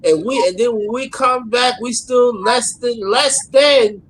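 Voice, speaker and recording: High-voiced New Yorker with a stammer. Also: male voice, unhurried, a loud crowd, rough recording. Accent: New York. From New York. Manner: emphatic, stammers and repeats words. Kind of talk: casual podcast discussion.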